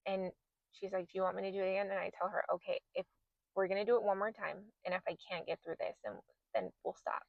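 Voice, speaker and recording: A woman's voice: mid-range voice, steady tone, fast talker, gravelly, no room sound, narrow, tinny audio. A woman in her thirties hosting a podcast, telling a personal story in a candid, emotional way. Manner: candid, emotional, re-enacts her own past words. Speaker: podcast host.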